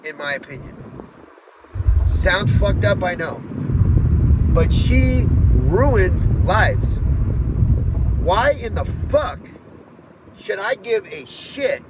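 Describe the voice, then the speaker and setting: A man's voice: high-pitched, big pitch swings, slow pace, long pauses, very noisy. A man talking candidly in a personal video diary, blunt and rambling, swearing often and drifting off on tangents. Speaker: vlogger.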